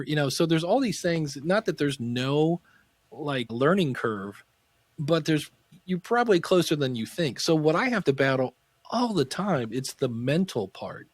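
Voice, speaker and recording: A podcast guest, a man with a slightly high voice, tells coaching stories in an easy, animated way. He acts out the people he quotes. His voice sounds dry and close to the mic. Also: unhurried, husky, dry recording. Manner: lively, acts out quoted dialogue. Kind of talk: casual interview storytelling.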